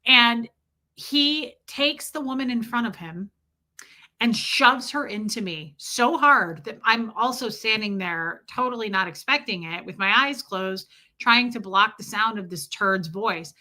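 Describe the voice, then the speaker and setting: A woman hosting a casual livestream, reading out viewer comments and telling stories in a profane, animated way. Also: on the high side, a little slow. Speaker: livestream host.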